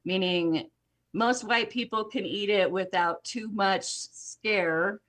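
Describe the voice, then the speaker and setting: A woman's voice: medium pitch, takes it slowly, a bit bright. A middle-aged woman telling stories in a casual podcast conversation as a guest. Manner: storytelling, chatty with laughs. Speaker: guest, jelly company owner.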